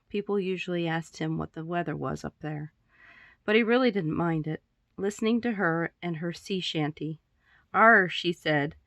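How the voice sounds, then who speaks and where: A woman chatting and then casually reading her own story aloud to a phone in a room at home, with giggles and throat-clearing asides. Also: fairly low pitch, dry recording, clean studio sound. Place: room at home with poster backdrop.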